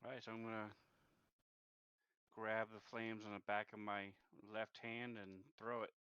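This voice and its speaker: A man playing a tabletop game, speaking quietly and in a matter-of-fact way. His tone is bright and a little tense, and the sound is dry. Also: fairly low pitch, flat delivery, moderate pace, smooth, no room sound, lo-fi sound. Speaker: player. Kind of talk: casual chat at the game table.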